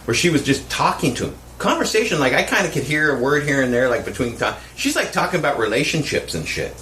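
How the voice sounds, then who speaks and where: Animated, profane male storyteller. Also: mid-range voice, fast talker, reverberant, a little hiss or hum. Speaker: podcast co-host. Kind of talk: casual storytelling chat.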